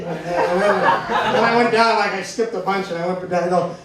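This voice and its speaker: High-voiced comedy guy rambling a story, lots of restarts, boomy room from far off. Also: fairly quick, hardly any pauses, a bit bright. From New England. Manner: rambling, full of "like" and restarts, laughing at himself. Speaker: stand-up comedian. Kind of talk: stand-up storytelling. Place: comedy venue stage. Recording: echoey room heard from far off.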